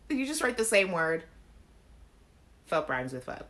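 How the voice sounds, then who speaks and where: Hosting a live chat show, a young woman with a Caribbean accent speaks slowly in a low voice, pausing often. She's casual and animated, laughing frequently and breaking into playful sung lines as she reads viewer comments.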